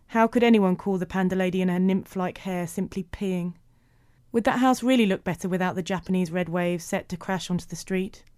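A woman narrating a storybook in an even, measured way. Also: fairly low pitch, clear, resonant tone, no room sound, clean studio sound.

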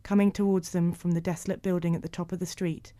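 Smooth-voiced woman telling a story. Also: on the low side, level tone, fast, mellow, dry recording. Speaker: narrator. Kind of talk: storybook narration.

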